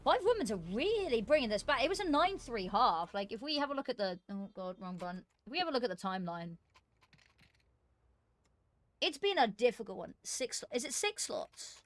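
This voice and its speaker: A woman's voice: fairly high pitch, very animated, moderate pace. A woman casting an esports qualifier on a live stream, chatting casually and rambling with fillers and self-deprecating asides.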